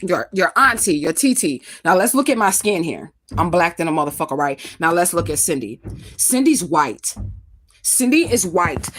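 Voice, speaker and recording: A woman's voice: on the low side, sing-song, normal speed, fairly bright tone, slight background noise. A woman from St. Louis talking casually to her camera, profane and emphatic, often asking rhetorical questions. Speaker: vlogger.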